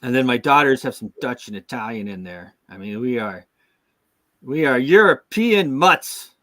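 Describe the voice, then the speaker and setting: A man's voice: medium pitch, lively intonation, moderate pace, pushed and bright. A middle-aged man from the United States hosting a casual talk show, rambling with many restarts and fillers. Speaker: show host. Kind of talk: casual chat.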